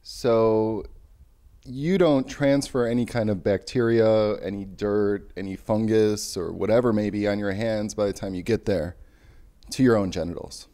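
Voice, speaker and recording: A young man delivering a deadpan, mock-serious rant, lecturing earnestly and pausing now and then to find his words. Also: fairly low pitch.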